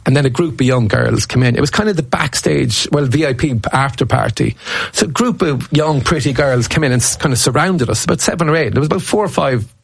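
Gravelly man in his fifties. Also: mid-range voice, fairly quick, no room sound. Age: 50s. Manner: rambling anecdotal storyteller with restarts. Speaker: stand-up comedian guest. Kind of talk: casual interview chat.

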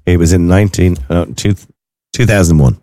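A middle-aged Irish man hosting a radio talk show, telling anecdotes in an animated way and putting on voices as he tells them. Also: deep voice, brisk, no room sound, studio quality. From Ireland. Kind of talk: radio phone-in chat.

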